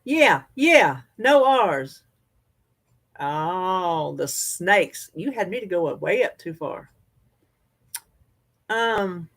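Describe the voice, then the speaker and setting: Hosting a livestream, this North Carolina woman speaks in a lowish, fairly bright, expressive voice, drawing out her words and pausing often. Folksy and chatty, she answers viewers' comments in an easygoing Southern manner and laughs readily.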